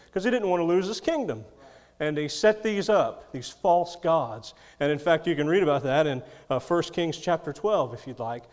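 A man's voice: fairly high pitch, long reverb tail. A man preaching a sermon, reading scripture and adding folksy, chuckling asides. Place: church.

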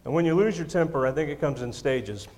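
A man's voice: on the high side, expressive, fast, darkish tone. A man preaching a sermon to his congregation into a microphone, emphatic, repeating key lines, with self-deprecating humor. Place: church sanctuary. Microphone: handheld or stand microphone. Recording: long hall reverb.

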